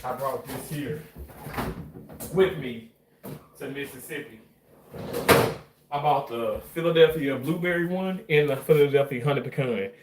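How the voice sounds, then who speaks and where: A man's voice: medium pitch, a little slow, long pauses, distant mic. A man, talking through his home cooking in a rambling, chatty way with casual swearing. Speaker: cooking vlogger. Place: home kitchen. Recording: echoey room, voice off-mic, faint noise.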